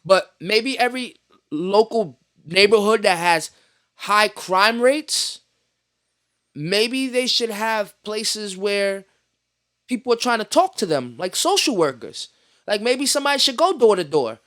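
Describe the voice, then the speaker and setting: A man's voice: very high-pitched, lively intonation, moderate pace, a bit bright. A man from New York City hosting a podcast, ranting in casual chat with lots of profanity and slang. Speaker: podcast host.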